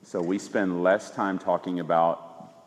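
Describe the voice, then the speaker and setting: This man, a pastor in his forties, is unhurried and low-pitched as he tells a personal story conversationally in a large hall. Animated and emphatic, he often begins sentences again.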